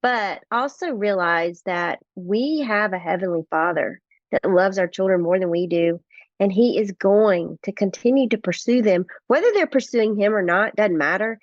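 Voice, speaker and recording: A woman's voice: medium pitch, moderate pace, no room sound, dull audio. A middle-aged woman, a guest author, telling family stories in earnest in a podcast interview and acting out the dialogue.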